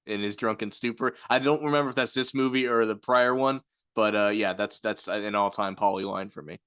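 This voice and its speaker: Casting: low-pitched man, reflective co-host, long easy explanations. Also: brisk, fairly bright tone, clear, resonant tone. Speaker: film review podcast co-host. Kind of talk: casual chat.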